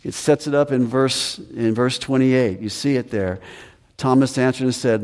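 A man's voice: mid-range voice, fairly even intonation, normal speed, darkish tone. Man preaching in a reverberant hall. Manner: acts out Thomas's lines with raised voice. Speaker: pastor. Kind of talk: sermon.

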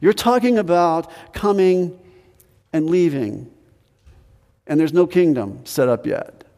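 Male pastor mid-sermon, chatty and emphatic, booming church reverb. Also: animated, takes it slowly, dark tone. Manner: conversational preaching, pitch rises and drops for emphasis. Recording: long reverb of a large hall.

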